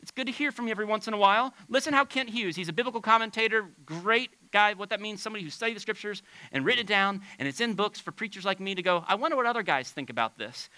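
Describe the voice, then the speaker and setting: Animated preacher man, bright voice. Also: high voice, dry recording, poor audio. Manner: animated, conversational preaching with dramatic swings in volume. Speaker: pastor. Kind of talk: sermon. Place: church stage under bright lights.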